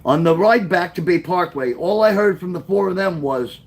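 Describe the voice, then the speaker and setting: A man reading his own memoir aloud, telling the story with lively, offhand asides. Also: high voice, moderate pace. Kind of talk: first-person memoir storytelling.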